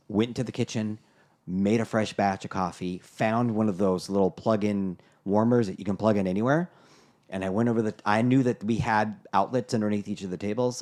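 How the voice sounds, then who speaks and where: Male podcast co-host, lowish voice, reflective storyteller, casual. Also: darkish tone. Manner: storytelling, reflective, many fillers. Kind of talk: casual chat.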